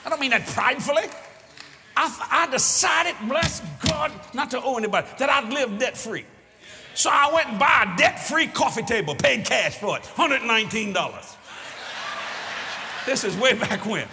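An older man preaching a sermon, fervent and folksy, often shouting as he tells stories. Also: very high voice, animated, moderate pace, gravelly, over music. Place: large church hall with congregation. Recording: echoey live hall recording with crowd and noise.

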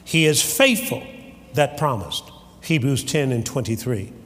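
Lively preacher man in an echoing hall. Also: on the high side. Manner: animated, calls for amen from the congregation. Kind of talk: sermon. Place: church sanctuary. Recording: hall reverb with faint ambience.

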